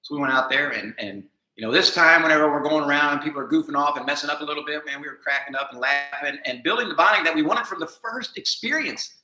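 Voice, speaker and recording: A man telling a personal story in an earnest, self-critical monologue, going from quiet and subdued to emphatic. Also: fairly high pitch, fast talker, hardly any pauses. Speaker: vlogger. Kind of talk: confessional monologue. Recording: echoey room.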